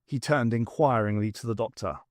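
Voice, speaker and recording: A man reading a novel aloud in measured, clear storytelling. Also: mid-range voice, dry recording, studio quality. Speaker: audiobook reader.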